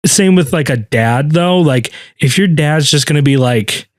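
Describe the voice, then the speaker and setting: A man's voice: a little high, lively intonation, a little slow, no echo, clean studio sound. A man co-hosting a podcast as a wedding videographer, talking in an easygoing, chatty way with frequent laughs. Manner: easygoing, laughs often, lots of fillers. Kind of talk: casual chat.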